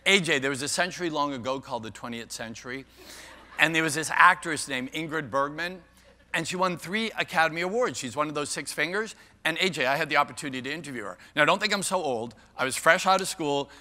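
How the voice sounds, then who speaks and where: A man's voice: on the high side, pushed and bright. An older man giving a keynote talk, playful and self-mocking, bantering with the audience by name. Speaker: keynote speaker. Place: large conference hall. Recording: long hall reverb.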